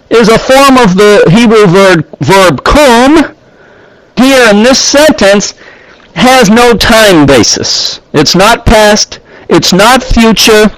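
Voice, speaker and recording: A man teaching scripture in an unhurried way, pausing often as he reads Hebrew phrases and explains them. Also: sits high, fairly bright tone, no echo, rough recording. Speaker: Bible teacher.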